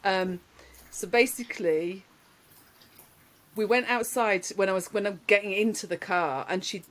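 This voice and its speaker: A woman, telling lively anecdotes in casual podcast chat, laughing often. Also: medium pitch, a little slow. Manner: animated storyteller, laughs often, many restarts. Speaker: podcast guest.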